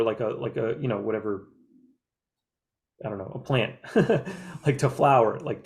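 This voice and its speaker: A man in casual group chat, talking in an earnest, meandering way with many filler words. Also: medium pitch. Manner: earnest, reflective. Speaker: group discussion member.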